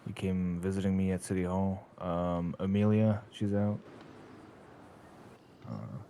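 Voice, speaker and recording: A man talking in character during a role-play game, casual and profane, with halting restarts. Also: deep voice, vocal fry, mellow, a little hiss or hum.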